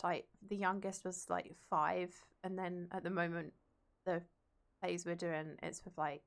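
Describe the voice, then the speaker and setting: A young woman streamer and drama teacher, rambling casually as she plays a game and reads chat aloud and answers it. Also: fairly low pitch.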